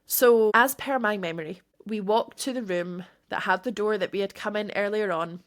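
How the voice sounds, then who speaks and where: A woman podcast host, telling a personal story and acting out the dialogue. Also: mid-range voice. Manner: animated, acts out quoted dialogue.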